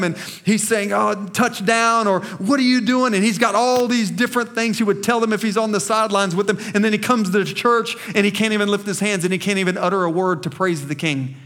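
A man's voice: sits high, a bit bright. A man preaching a sermon as pastor to a small congregation in a church, emphatic and impassioned, calling out to the people.

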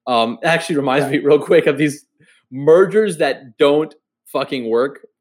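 A man's voice: on the high side, moderate pace. Casual swearing Texan guy. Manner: loose, swears a lot, laughs often. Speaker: podcast co-host. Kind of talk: casual chat.

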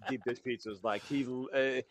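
A man's voice: medium pitch, fairly even intonation, moderate pace, no room sound. A man co-hosting a podcast in casual chat, rambling and often repeating words as he starts his sentences. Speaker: podcast co-host.

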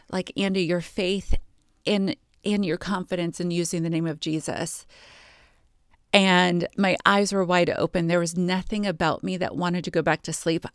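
A married woman telling a personal faith testimony in an earnest, reflective way, with pauses and fillers. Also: on the low side, no echo, studio quality. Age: adult, married. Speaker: Christian speaker sharing a testimony.

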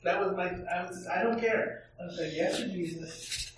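A man's voice: high-pitched, steady tone, moderate pace, distant mic, noisy background. A middle-aged male pastor telling a candid, self-deprecating personal story as a sermon in a church. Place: church sanctuary. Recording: echoey church, heard from afar.

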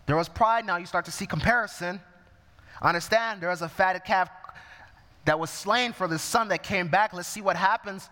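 A man's voice: high-pitched, expressive, moderate pace, bright, forceful tone, big-room sound. A man preaching a sermon, reading scripture verse by verse and explaining it as he goes.

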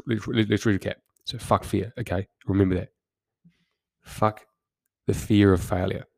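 A podcast host with a deep, gravelly voice gives a motivational monologue in a flat, steady tone. His exhortations are short, direct and punchy, and he often stumbles over repeated words. The sound is dry and close, with no room sound.

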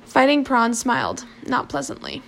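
A woman reading a novel aloud in a plain, steady way, with small slips and restarts. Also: high-pitched, normal speed, vocal fry, a little hiss or hum. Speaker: narrator.

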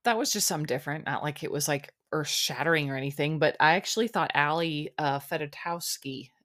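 A chatty middle-aged woman with a low voice hosts a podcast on her own, talking casually. She rambles along with plenty of fillers and sounds a bit sleepy. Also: fairly quick, fairly bright tone. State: sleepy, yawning. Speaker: podcast host recapping a reality show. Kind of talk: casual solo chat.

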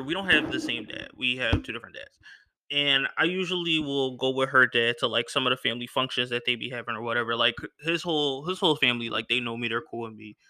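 A young man from Philadelphia telling a personal story in a casual, animated way and acting out the people he quotes. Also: medium pitch. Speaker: podcast host.

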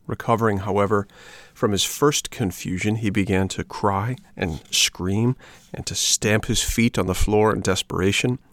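A man reading a children's book aloud in an expressive, measured storytelling manner. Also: on the low side, no echo.

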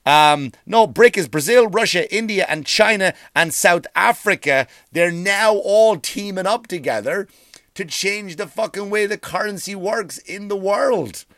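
A man's voice: high voice, unhurried, fairly bright tone, dry recording, studio quality. A man hosting a podcast, ranting in a profane, rambling monologue, often stumbling over his words. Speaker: podcast host.

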